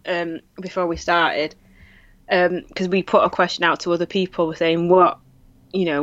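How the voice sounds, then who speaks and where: A woman's voice: lowish voice, fairly bright tone, highs cut off. A woman co-hosting a casual chat, rambling with restarts and laughing often. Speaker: podcast co-host.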